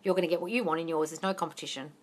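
A woman's voice: low-pitched, fairly even intonation, rapid-fire. An Australian woman hosting a casual live Q&A as a manifesting coach, blunt and sweary, calling everyone darling.

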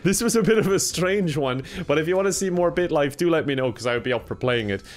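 A man's voice: a little high, lively intonation, fast. A young man giving jokey let's-play commentary on a game, laughing often and reacting with exclamations. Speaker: gaming YouTuber.

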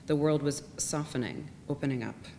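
A woman with a low voice reads literary fiction aloud, measured and softly expressive. Her voice trails into a long reverb, with a faint rumble underneath. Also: vocal fry. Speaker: reader.

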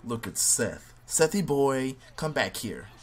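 A man commentating his own wrestling game run, swinging between yelling, cursing at opponents and mock ring-announcer boasts. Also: mid-range voice, big pitch swings, slow, slight background noise. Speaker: gaming video host. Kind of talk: live gameplay commentary.

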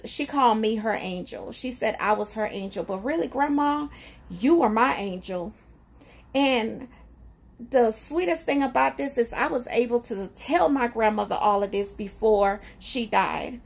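Woman, gravelly voice, casual personal vlog, emotional, reflective, lots of fillers. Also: fairly high pitch, measured pace. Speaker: vlogger.

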